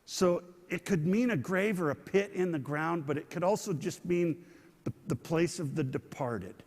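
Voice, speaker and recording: A man's voice: fairly high pitch, normal speed, darkish tone, big-room sound. A man teaching a sermon in a conversational way, often asking his listeners questions. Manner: conversational, asks the audience questions.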